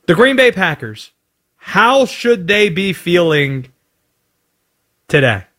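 A man hosting a sports talk radio show, taking calls and tossing out quick opinions with lively asides. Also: high-pitched.

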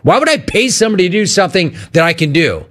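A man's voice: high voice, very animated, fast talker, fairly bright tone, pitched above the performer's own voice, heavily acted. A man doing his stern lecturing dad. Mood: scolding. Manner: scolding, indignant.

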